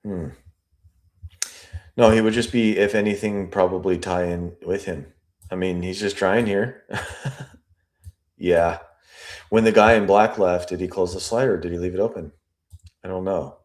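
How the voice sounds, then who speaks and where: A man analyzing an interview transcript, reading lines aloud and musing over them deliberately. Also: low-pitched, steady tone, a little mellow. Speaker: statement analyst.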